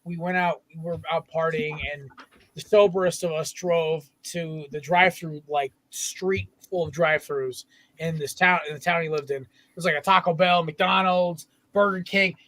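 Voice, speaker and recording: A young man co-hosting a sports podcast, telling animated stories in casual banter. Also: a little high, normal speed. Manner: animated storyteller. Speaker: podcast co-host.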